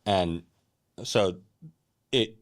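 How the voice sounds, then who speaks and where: A young chef with a deep voice tells his career story very slowly, in a casual and earnest first-person way. Reflective in tone, he keeps restarting his sentences and leans on fillers like "like" and "right?".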